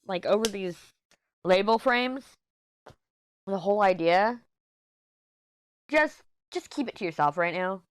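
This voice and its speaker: A woman's voice: mid-range voice, expressive, takes it slowly, long pauses, slight background noise. A woman hosting a crafting vlog, talking candidly and emotionally to camera, tearful and rambling with frequent restarts and swearing. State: tearful, upset. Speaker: crafting channel host. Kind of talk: casual chat to camera.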